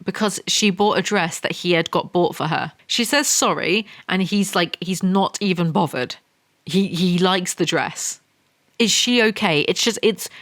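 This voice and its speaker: Young woman, sarcastic book review, swearing, slightly low voice. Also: a bit bright.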